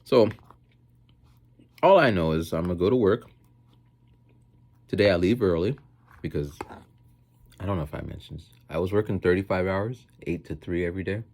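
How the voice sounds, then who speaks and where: In a casual storytelling vlog, a man wanders from tale to tale, lively and mimicking those he quotes. He speaks at normal speed in a low-pitched voice, pausing often.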